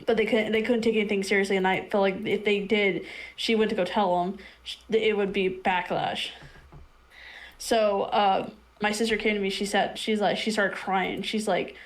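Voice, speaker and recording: A woman's voice: medium pitch, little pitch movement, normal speed, rough recording. A woman telling a personal story on a stream in a blunt, rambling way. She swears freely and fills her talk with restarts. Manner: many restarts and fillers like "like". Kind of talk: casual storytelling chat on a stream.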